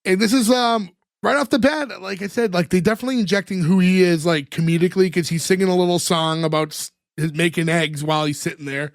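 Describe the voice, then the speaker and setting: High-voiced man. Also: fast, gravelly, no echo, clean studio sound. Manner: relaxed storyteller, laughs often, acts out lines. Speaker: podcast co-host recapping the episode. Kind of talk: casual podcast chat.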